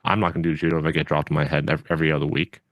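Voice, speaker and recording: A judo coach hosting a casual podcast talks rapid-fire in a rumbling low, level voice, earnest and rambling with many fillers and restarts. The recording is dry and muffled.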